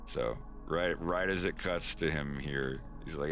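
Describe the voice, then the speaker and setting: A man's voice: rumbling low, unhurried, fairly bright tone, faint music behind. A man casually explaining his animation on a stream, rambling with frequent restarts. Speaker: animator showing his work.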